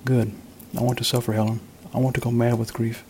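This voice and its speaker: A man's voice: mid-range voice, little pitch movement, brisk, a little mellow, slight background noise, close to an everyday voice. A man reading as a grief-stricken widower. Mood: anguished. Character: grief-stricken older widower, worn and desperate.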